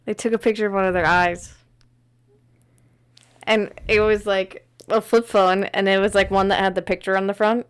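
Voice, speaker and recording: A woman's voice: medium pitch, steady tone, moderate pace, smooth. Chatty woman co-host, filler-heavy talk. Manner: chatty storyteller, lots of "like" fillers. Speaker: podcast co-host. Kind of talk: casual chat.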